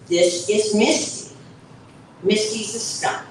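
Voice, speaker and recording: Slow woman reading a picture book aloud. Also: mid-range voice, animated, a little hiss or hum. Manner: slow, explanatory storytelling with asides. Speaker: author reading her book. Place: event hall at a book fair. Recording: echoey event hall from far off.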